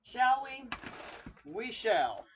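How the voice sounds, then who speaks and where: A woman's voice: fairly high pitch, big pitch swings, extremely slow, lo-fi sound, background noise. A woman with a Kentucky accent, chatting folksily with viewers while demonstrating wreath making in a live craft tutorial.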